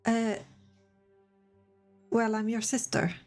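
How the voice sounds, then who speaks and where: A woman's voice: a little high, fairly even intonation, slow, a little mellow, faint music behind. A woman voicing a polite young woman adventurer who speaks tentatively. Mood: hesitant. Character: earnest young woman adventurer seeking her brother.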